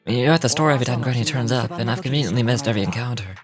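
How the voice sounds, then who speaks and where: An actor playing a laid-back young shopkeeper. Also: male voice, mid-range voice, racing, lightly acted. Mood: relaxed. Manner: relaxed, matter-of-fact. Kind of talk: game voice acting. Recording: game music behind the voice.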